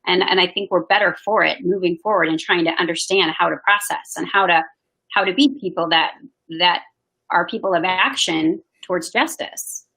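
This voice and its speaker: A woman who serves as a pastor, talking earnestly in a casual chat. Her voice is lowish and bright, with a gravelly edge. She speaks in a soft, heartfelt way. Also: normal speed, low-quality recording. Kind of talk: casual conversation.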